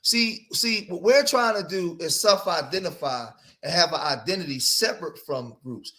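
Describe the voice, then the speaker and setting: A man's voice: on the high side, lively intonation, moderate pace, pushed and bright. A man hosting a reaction commentary show, talking emphatically and rhetorically and often checking in with his listeners. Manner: emphatic, rhetorical, keeps asking "right?". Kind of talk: reaction commentary on played clips.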